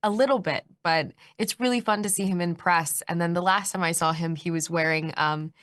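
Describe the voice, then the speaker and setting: A woman's voice: on the low side, a little fast, no room sound. Bubbly young woman in a dry interview. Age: 20s. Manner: bubbly, animated, laughs often. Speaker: actress being interviewed. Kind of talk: press interview.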